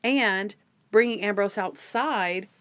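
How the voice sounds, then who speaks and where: A woman's voice: mid-range voice, slow pace, a bit bright. A woman hosting a podcast, chatting casually and giggling as she recaps a TV show. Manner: chatty, giggly, acts out scenes in quotes. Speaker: podcast host.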